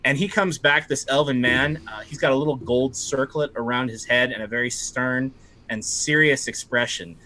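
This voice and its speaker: A man's voice: medium pitch, normal speed, bright, forceful tone. A man running a tabletop game as game master, narrating casually with lots of fillers and restarts. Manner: casual, rambling, many fillers.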